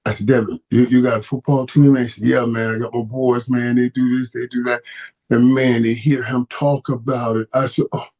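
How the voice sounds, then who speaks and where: A man's voice: medium pitch, level tone, fairly quick, darkish tone. Stammering, heated middle-aged man. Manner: stammering, repeats words, gets emotional and heated. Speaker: host. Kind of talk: casual live-stream talk.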